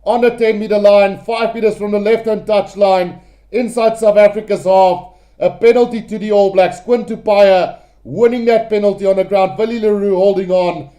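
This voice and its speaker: Man, live rugby play-by-play, high-pitched, mellow dark tone, excitable, talks to viewers. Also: moderate pace. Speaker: live match commentator.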